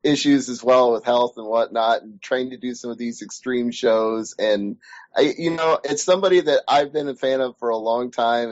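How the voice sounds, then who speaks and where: A man's voice: mid-range voice, no echo. Hesitant male interviewer, dry dull sound. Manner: thoughtful, hesitant with restarts. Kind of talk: casual interview chat.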